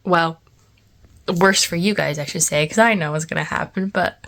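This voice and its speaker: A woman's voice: on the low side, measured pace, a bit bright. A young woman author chatting casually in a vlog, emotional and talkative, sometimes dropping to a whisper, in her morning voice. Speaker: author vlogger. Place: at home and outdoors.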